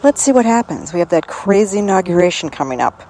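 A woman's voice: fairly low pitch, very animated, quick pace, dark tone, rough recording. A woman from the northern United States, chatting in a digressive, self-amused way into a handheld recorder for her audio diary. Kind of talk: rambling personal audio diary.

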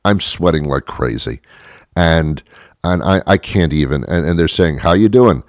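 A man's voice: extremely low pitch, a little slow, no echo, studio quality. A man telling a rambling, exaggerated comic story about himself, acting out the lines of the people in it. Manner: rambling, exaggerated, animated retelling with acted quotes.

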